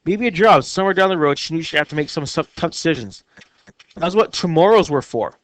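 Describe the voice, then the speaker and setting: A male teacher reading a novel aloud to his class in steady narration with small slips. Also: a little high, a little fast, dry recording.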